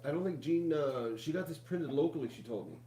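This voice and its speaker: A middle-aged vlog host with a mellow, expressive voice on the high side talks a little fast. Chatting casually with viewers at home, whom he calls folks, he rambles and repeats himself.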